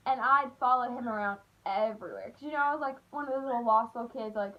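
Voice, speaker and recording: A young woman telling stories in a chatty, animated way, full of "like.". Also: on the high side, quick pace, few pauses, dull audio. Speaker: vlogger. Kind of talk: casual storytime.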